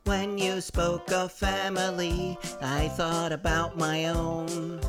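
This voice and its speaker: Kid boy singing a kids song, woman voice, loud music behind. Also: fairly low pitch, monotone, slow pace. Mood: tender. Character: young boy singing about family. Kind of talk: children's song.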